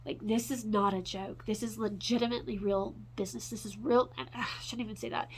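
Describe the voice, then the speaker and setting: A woman in her forties ranting in an unscripted, profane monologue, rambling and swinging between loud outbursts and low mutters. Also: fairly even intonation, a little fast, slightly rough, rough recording. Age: 40s.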